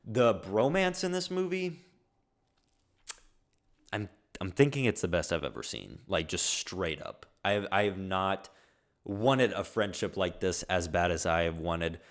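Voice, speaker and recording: A young man in a casual movie review vlog, talking excitably and swearing freely as he gushes. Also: low-pitched, normal speed. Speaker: movie vlogger.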